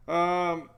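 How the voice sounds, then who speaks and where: A man with a gravelly, creaky voice chats loosely through a weather stream. He rambles, chuckles often and answers viewers by name as he works through the maps. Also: high-pitched, fairly bright tone. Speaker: weather show host. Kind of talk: casual livestream weather talk.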